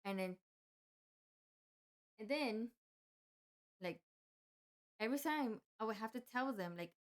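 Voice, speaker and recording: A woman's voice: on the high side, lively intonation, takes it slowly, pauses often. Rambling young woman telling a story. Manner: rambling, many restarts and "like" fillers. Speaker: vlogger. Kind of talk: casual storytelling.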